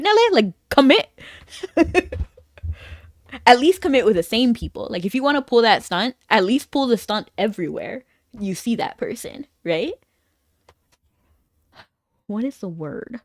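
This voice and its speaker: A woman's voice: medium pitch, no echo. A woman streamer chatting casually with her viewers while playing an online game, rambling and laughing often.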